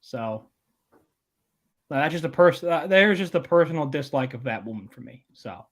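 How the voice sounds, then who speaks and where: A man's voice: a little high, animated, normal speed. A young man co-hosting an election-night stream in casual, rambling, joking chat. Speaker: livestream co-host.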